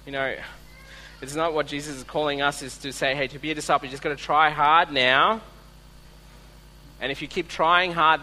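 A man preaching a sermon as a pastor, earnest, moving between soft asides and emphatic points while reading scripture aloud. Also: medium pitch, a little hiss or hum, rough recording.

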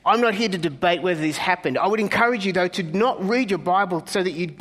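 A male pastor preaching a conversational sermon, earnest, with humorous asides and soft, hushed key words. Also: high-pitched, fast talker, hardly any pauses. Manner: earnest, softening to near-whispers on key words.

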